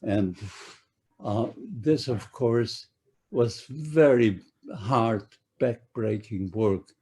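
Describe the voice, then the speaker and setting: Slow, husky very old man. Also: mid-range voice, a little mellow. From Poland. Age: 90s. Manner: slow, halting, repeats words when searching. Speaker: Holocaust survivor giving a talk. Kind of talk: personal testimony to an audience.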